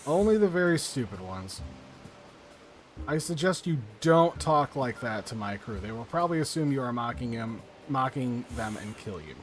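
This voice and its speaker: A man doing a gruff, impatient pirate sailor. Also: mid-range voice, animated, moderate pace, soft background music, lightly acted. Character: grumpy male pirate crewman.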